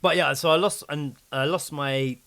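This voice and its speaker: A man's voice: a little high, moderate pace. A man, co-hosting a podcast, telling stories in casual chat, swearing and acting out what people said. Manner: animated storytelling, acting out quotes, swearing. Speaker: podcast co-host.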